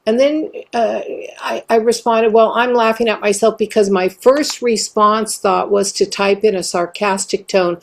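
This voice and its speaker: A woman at a middle pitch, talking on her own in a loose, animated monologue. She reads quoted replies aloud and stays casual and expressive throughout. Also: measured pace, vocal fry. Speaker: host.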